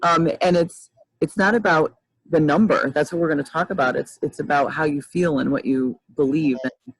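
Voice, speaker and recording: A woman's voice: deep voice, moderate pace, husky, no echo, poor audio. A woman in her fifties hosting a casual livestream chat over a video call, rambling and restarting often. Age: 50s. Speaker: host, life coach.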